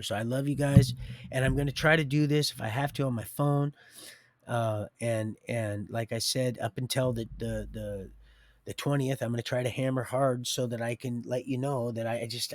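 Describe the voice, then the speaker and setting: A man talking off the cuff on a livestream, rambling and preachy, swinging between hushed asides and loud emotional outbursts. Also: medium pitch, steady tone, moderate pace, dry recording, studio quality.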